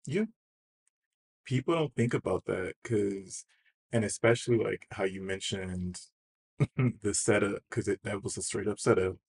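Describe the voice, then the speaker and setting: Podcast host with a low husky voice, slow and supportive, backs the guest up. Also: darkish tone. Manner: supportive, affirming, frequent backchannel. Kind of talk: conversational interview.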